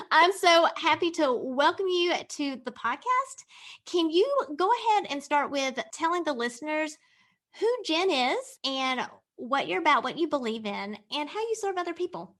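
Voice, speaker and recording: A woman hosting an interview podcast, bubbly and quick to laugh, with a slight country twang. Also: sits high, very animated, a bit bright. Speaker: podcast host.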